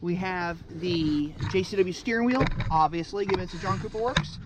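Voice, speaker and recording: A man with a notably high voice hosts a casual outdoor car walkaround on a cold day. He rambles, cracks jokes and takes them back a moment later. Steady outdoor noise sits clearly under his voice. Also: moderate pace. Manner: jokey, rambling, corrects his own gags. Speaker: car reviewer and channel host.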